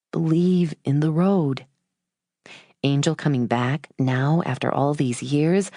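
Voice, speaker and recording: Woman narrator for an audiobook, low-pitched and measured, earnest and unhurried, dry close sound. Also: a little mellow, no echo.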